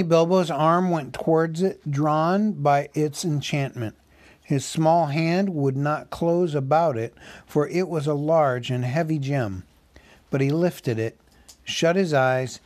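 Male reader, unhurried, dry close sound, mid-pitched. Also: darkish tone, no room sound. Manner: slow, measured storytelling. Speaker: audiobook reader. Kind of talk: reading a novel aloud.

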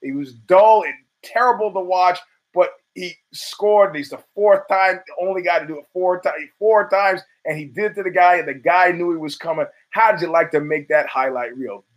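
A man with a high-sitting voice speaks at normal speed while hosting his own show. His solo commentary rambles, is profane, and is full of restarts and fillers.

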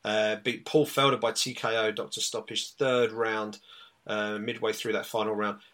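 British male podcast co-host, bright and forceful tone, casual rambling recap. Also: on the low side, little pitch movement, moderate pace. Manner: chatty, rambling with many fillers. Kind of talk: casual chat, recapping results.

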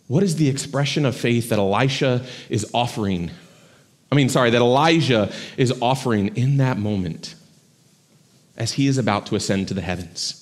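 A man's voice: mid-range voice, moderate pace. A man giving a church sermon in a conversational style, often checking in with "right?". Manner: conversational preaching with frequent "right?". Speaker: pastor. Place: church sanctuary.

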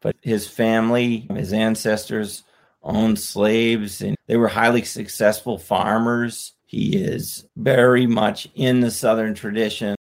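A slightly hoarse man, an author guest on a podcast, explaining his argument in an earnest way and repeating his phrases. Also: on the low side, flat delivery, slow. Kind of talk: podcast interview.

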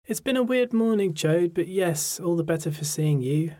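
A man voicing a cheerful teenage girl in an audiobook, with a breezy, bright way of talking. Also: high voice, lively intonation, normal speed, pitched above the performer's own voice. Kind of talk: audiobook character voice.

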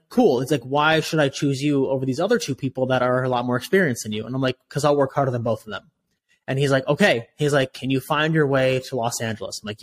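A young man on a podcast, casually telling his career story and acting out both sides of past conversations. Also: mid-range voice. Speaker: guest, social media strategist and videographer.

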